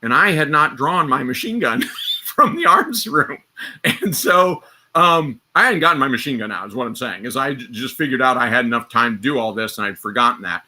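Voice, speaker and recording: A man with a strikingly bright, tense voice tells a story in a loose, casual way. He swears freely and laughs as he talks, like a host chatting on a live stream. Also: mid-range voice. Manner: profane, vivid storyteller who laughs mid-sentence.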